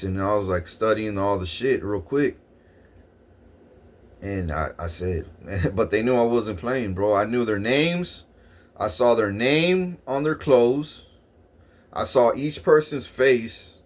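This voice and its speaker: A man's voice: lowish voice, measured pace. A man vlogging a long rambling story in the first person, swearing often and restarting his sentences. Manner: profane, repetitive restarts, excitable.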